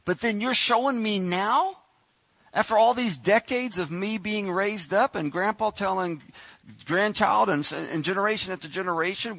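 A man delivering a sermon in a loose, talkative style, acting out the people in his story. His voice sits a little high and has a husky grain. The sound is dry and close. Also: moderate pace, fairly bright tone, no echo. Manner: conversational preaching, acts out biblical characters. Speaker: preacher.

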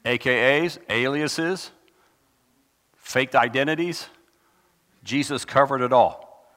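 A man preaching a sermon in a dramatic, conversational way, with sudden bursts of loud emphasis. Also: mid-range voice, slow pace. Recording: long reverb of a large hall.

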